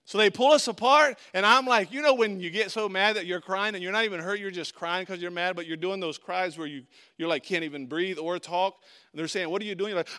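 A middle-aged man preaching a sermon, telling a personal story with lively swings from quiet to shouting. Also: sits high, brisk, clean tone. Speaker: pastor.

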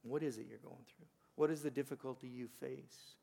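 A man preaching a sermon as pastor, with a gravelly, creaky edge on a mid-range voice. He talks earnestly, pushing some phrases louder and letting others fall soft. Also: mid-range voice, fairly quick. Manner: earnest preaching, rising and dropping to quiet.

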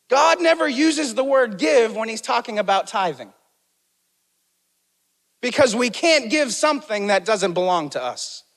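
A man's voice: very high-pitched, gravelly, fairly bright tone. A man preaching a sermon as pastor, emphatic, repeating key phrases and calling on the congregation to respond. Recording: long hall reverb.

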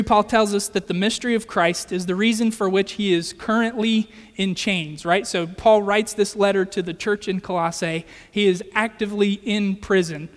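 A man with a high-sitting voice preaches a sermon in a large hall. He's earnest and conversational, often checking in with listeners through a rhetorical "right?".

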